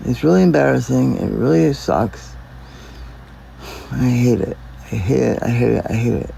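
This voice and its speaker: Guy rambling on his livestream, mumbly missing-tooth talk, cusses a lot, gravelly low rasp. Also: moderate pace, mellow, slight background noise, poor audio. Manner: rambling and profane, talking to viewers. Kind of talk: casual livestream chat.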